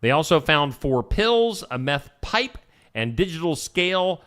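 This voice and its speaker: A man's voice: a little high, sing-song, measured pace, fairly bright tone, a little hiss or hum. A male morning show host reading odd news stories casually, tossing in wisecracks. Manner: playful, wisecracking, ad-libs comments on the stories. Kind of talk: casual live news read with jokey asides.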